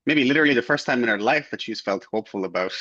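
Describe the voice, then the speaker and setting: An excitable man co-hosts a casual podcast and swears in quick outbursts. His pitch leaps around a lot. The recording is dull and lo-fi. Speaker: podcast co-host. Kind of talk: casual chat. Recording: lo-fi dull sound.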